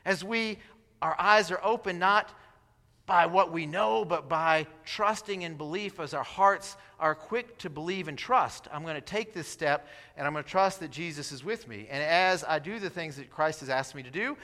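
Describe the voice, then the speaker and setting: A man preaching a sermon as pastor, with dynamic delivery that swings from loud exclamations to soft, near-whispered prayer. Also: high voice, normal speed, big-room sound. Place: church sanctuary.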